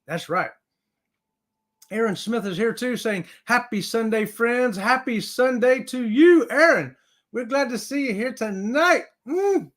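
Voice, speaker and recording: A man's voice: very high voice, lively intonation, unhurried, a bit bright. A man hosting a casual livestream, upbeat and greeting viewers in the chat. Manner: upbeat, hypes up viewers, says y'all. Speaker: livestream host.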